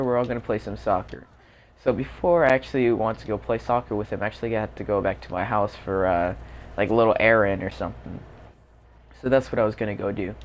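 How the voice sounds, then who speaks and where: A young man casually telling a rambling storytime over gameplay, full of fillers and self-deprecating asides. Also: lowish voice. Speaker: gaming YouTuber. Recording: dull lo-fi mic with faint noise.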